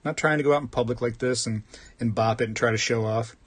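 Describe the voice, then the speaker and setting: A man's voice: mid-range voice, fairly even intonation, fast, slightly rough. A man hosting a live morning stream about coins, chatting casually, joking around and reading out viewer comments. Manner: rambling, joking, reads out chat comments. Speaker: host of a live coin collecting stream.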